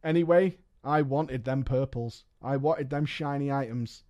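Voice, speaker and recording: A man streaming, reading a story aloud and breaking off with quick, joking reactions. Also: medium pitch. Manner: animated, swears and laughs often, reads in quick asides.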